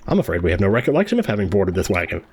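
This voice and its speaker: An actor voicing a calm, polite professor in a video game, speaking in measured, formal sentences. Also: male voice, low-pitched, a little hiss or hum, heavily acted. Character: calm, courteous gentleman professor.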